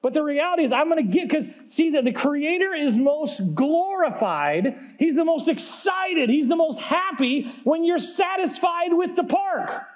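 High-voiced animated male pastor. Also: measured pace, few pauses, low-quality recording. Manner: animated, acts out family voices. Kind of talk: sermon with comic storytelling.

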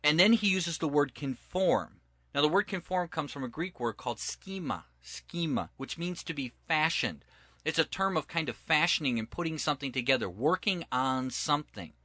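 A man with a bright, forceful voice teaches scripture like a preacher in conversation. He leans hard on key words and slips into voicing the people in his stories. The sound is close and dry, with no room around it. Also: a little high, normal speed, no echo. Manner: emphatic, retells scripture and stories with lively voiced quotes.

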